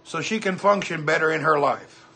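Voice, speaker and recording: A man with a Southern US drawl hosts a casual livestream, talking in a friendly, folksy way. His voice sounds husky, with a bright, forward edge and a slightly high pitch. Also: moderate pace. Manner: folksy, chatty, greets viewers by name. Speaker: livestream host. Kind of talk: casual livestream chat reading comments.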